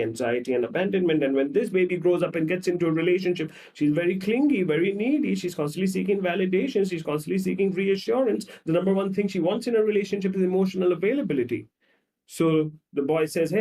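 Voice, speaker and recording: A male psychologist explaining ideas through animated storytelling and repetitive lists, acting out short scenes. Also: fairly high pitch, far from the mic. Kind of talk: explaining with acted examples.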